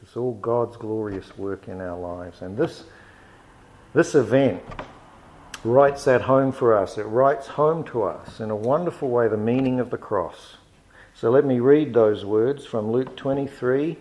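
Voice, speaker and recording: Guy giving a sermon, earnest and measured, mid pitch, gets louder when he pushes a point. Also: poor audio. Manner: earnest, measured preaching with emphatic rises. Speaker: preacher.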